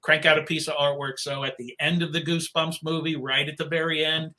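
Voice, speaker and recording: A middle-aged man tells a long story in a bright, slightly high voice. He rambles and often restarts his sentences, and he acts out what other people said. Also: little pitch movement, fairly quick. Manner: rambling, with many restarts and acted-out quotes. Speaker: guest, book cover artist. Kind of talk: casual storytelling anecdote.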